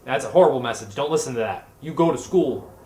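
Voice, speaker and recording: Talking fast with warmth and animation, a young man rambles through funny stories on his vlog, doing impressions of the people in them. His voice is medium in pitch, and the recording has a noticeable echo.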